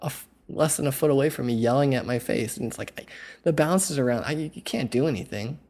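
A man's voice: medium pitch, quick pace, a little mellow. Rambling young man telling a story. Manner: rambling, lots of "like" and "you know". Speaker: podcast host. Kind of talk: casual storytelling chat.

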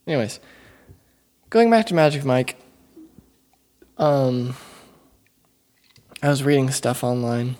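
A man's voice: medium pitch, animated, takes it slowly, long pauses, a little mellow. A young man chatting casually with friends, blunt and opinionated. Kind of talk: casual chat.

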